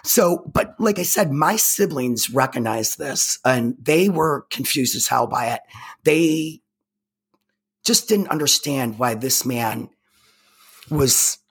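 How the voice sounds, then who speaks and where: A woman with an extremely low, husky voice and lively intonation tells a personal story as an interview guest. She's emphatic and intense but halting, frequently stopping and restarting her words.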